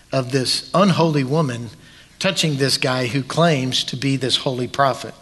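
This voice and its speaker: A man pastor preaching a sermon in a church sanctuary, deliberate and emphatic, leaning on long pauses. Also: mid-range voice, fairly bright tone, husky. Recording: long church hall reverb.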